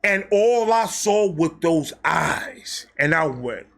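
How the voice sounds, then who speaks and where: A young man telling a casual, comedic story, animated, acting out quotes with slang and swearing. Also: a little high, takes it slowly, gravelly, hardly any pauses. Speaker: storyteller host.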